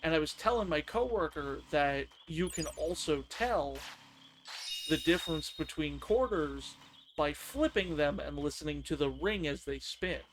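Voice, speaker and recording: High-voiced man telling animated stories. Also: unhurried, noisy background. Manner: animated, acts out coworkers' lines. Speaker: game streamer. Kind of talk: casual storytelling on a live stream.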